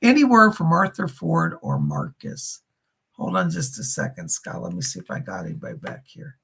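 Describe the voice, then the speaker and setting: Gravelly-voiced man giving psychic readings. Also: on the high side, wildly swooping pitch, moderate pace, bright, forceful tone. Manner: relays spirit messages, thanks donors by name. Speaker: psychic medium on a livestream. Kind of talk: live streamed psychic readings.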